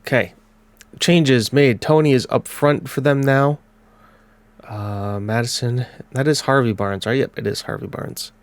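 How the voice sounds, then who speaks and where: A man with a blocked nose giving casual let's-play commentary on a football management game, calling the match in quick bursts. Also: medium pitch. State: congested. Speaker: gaming commentator.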